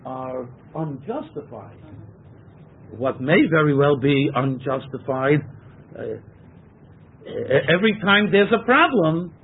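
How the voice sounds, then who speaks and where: A man's voice: fairly high pitch, a little hiss or hum. Man teaching over a tinny line. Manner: translates verses phrase by phrase, emphatic. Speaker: Torah teacher. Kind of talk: text-study lecture. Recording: tinny phone-like lecture recording.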